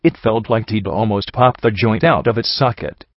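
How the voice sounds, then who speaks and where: Low-voiced man narrating a story. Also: moderate pace, dry recording, highs cut off. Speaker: audiobook narrator. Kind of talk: first-person story narration.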